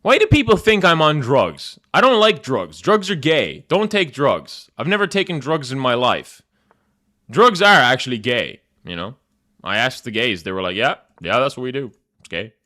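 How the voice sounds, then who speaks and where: A man's voice: medium pitch, big pitch swings, moderate pace, bright, forceful tone. A young man talking through his chess moves on a live stream in a loose, casual way. He jokes, brags in mock grandeur and pokes fun at himself. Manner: joking, mock-boastful, self-mocking.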